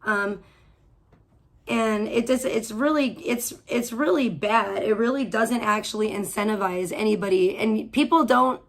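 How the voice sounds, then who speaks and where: Profane, fiery woman streamer, higher voice. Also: unhurried. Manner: profane, heated and rambling with frequent restarts. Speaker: livestream host. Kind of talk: audio-only livestream rant. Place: at home.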